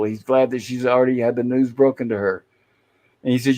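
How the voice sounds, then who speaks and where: On his laid-back review show, the host retells scenes from old sitcoms, voicing the characters' lines himself. He has a warm, mid-range voice with a steady tone and moderate pace, though the recording is low quality.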